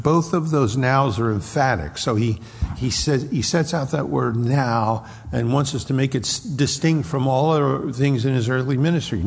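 Gravelly preacher in a reverberant hall. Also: male voice, mid-range voice. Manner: slow deliberate Bible exposition with emphatic stresses. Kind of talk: expository sermon.

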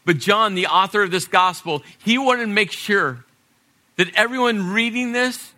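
Male pastor, bright slightly high voice, dramatic sermon delivery, swings loud to hushed. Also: normal speed.

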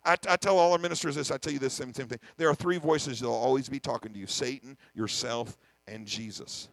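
A man's voice: medium pitch, fairly quick, gravelly, a bit bright, no echo, rough recording. A male senior pastor preaching a sermon, emphatic, often repeating words and acting out the voices in his head.

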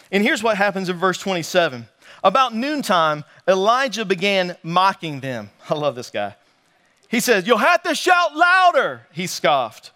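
A young man delivers a lively sermon in a high, bright voice. He jokes with his listeners, slows down to read scripture, and throws himself into the taunting lines he quotes. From North Carolina. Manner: animated, joking, reads scripture slowly, acts out quoted taunts. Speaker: pastor.

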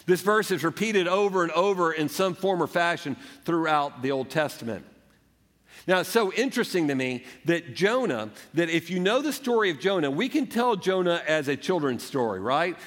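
Pastor guy preaching, kinda high voice, chatty and earnest, echoey church hall. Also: lively intonation, moderate pace, fairly bright tone. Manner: earnest, conversational preaching with acted quotes. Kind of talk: sermon.

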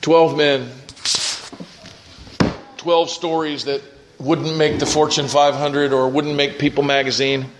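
A man preaching in church, his slightly high voice climbing into fervent peaks as the sermon turns to prayer. A faint hiss sits under the recording. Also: level tone, slow, pauses often. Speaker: pastor.

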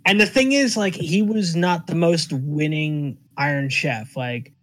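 A man's voice: a little high, measured pace, low-quality recording. A man in casual podcast chat, enthusiastic and swearing, with many fillers.

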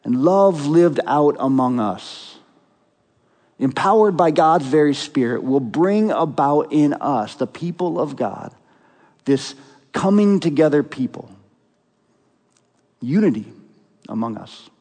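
A man's voice: a little high, expressive, slow, long pauses, darkish tone, long reverb tail. A man preaching a sermon as pastor, earnest and emphatic, asking his congregation rhetorical questions.

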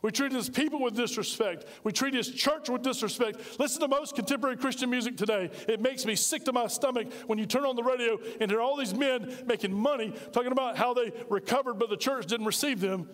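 A man delivers an emphatic sermon, pressing his listeners with one rhetorical question after another. His voice sits high for a man. It rings out with the long reverb of a church hall. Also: brisk, hardly any pauses. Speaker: pastor.

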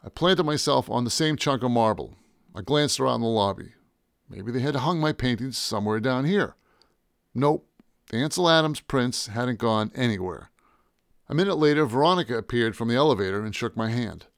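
A man narrating a first-person story in a wry, deadpan way. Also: medium pitch, normal speed, no room sound, clean studio sound. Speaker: audiobook narrator.

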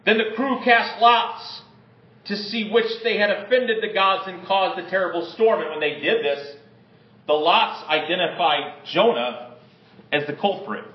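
A male preacher with a high voice reads scripture and preaches in a dramatic way, rising and falling between loud calls and quiet, low murmurs. The sound is echoey and a little dull. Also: unhurried. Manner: dramatic, varies pitch and loudness, drops low and quiet for emphasis. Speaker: pastor. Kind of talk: sermon with scripture reading.

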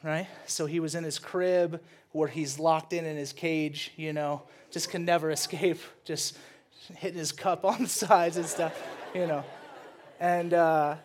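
This young preacher talks in a fairly high voice. He is animated and playful, and he keeps breaking into laughter as he tells stories from the pulpit. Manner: animated, joking, laughs often. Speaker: pastor. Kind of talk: sermon.

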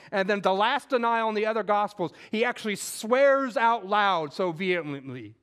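A man preaching a conversational sermon, acting out scripture quotes and moving between loud emphasis and hushed, intimate moments. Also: high-pitched, lively intonation, moderate pace, hardly any pauses, clear, resonant tone. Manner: conversational, with casual slang.

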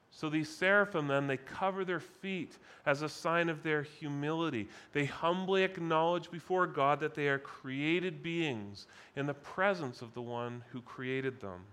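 A man delivering a sermon with a slightly higher-pitched voice. He preaches in a measured, emphatic way and slows down to lean on key words. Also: a bit bright.

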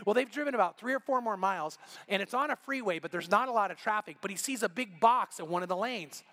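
A middle-aged male pastor with a high voice delivers a sermon in a church, his storytelling animated as he acts out each person in the tale. He shifts into the characters' lines with energy. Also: fast talker. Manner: animated storytelling, acting out dialogue.

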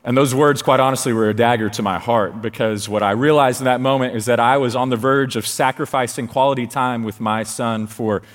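A man in his thirties, a children's ministry leader, telling a personal story in a sermon, excited and lively. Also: medium pitch. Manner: excited, storytelling, quick asides. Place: large church stage. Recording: long hall reverb.

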